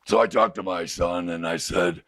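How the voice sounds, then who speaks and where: Speaking at a normal speed with a steady tone, a middle-aged man talks openly to a recovery group as their addiction counselor, often asking rhetorical questions. His deep voice is gravelly yet fairly bright, and the setting is a recovery house group room.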